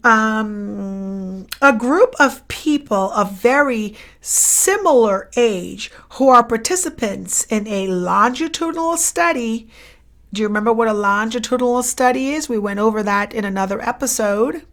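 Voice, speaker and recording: A woman psychology lecturer takes her students through exam review at an unhurried pace. Her voice sits a little high, and she says every answer twice. She keeps checking in with "right?" and "okay?" as she goes. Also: expressive, a bit bright. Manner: slow, repeats each question and answer, checks in with "okay?" and "right?".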